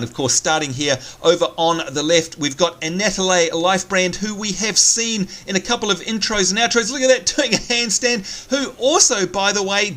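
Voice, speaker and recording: An Australian man hosting a casual game commentary, chatty, excitable and teasing, talking over a headset. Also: high voice. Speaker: host.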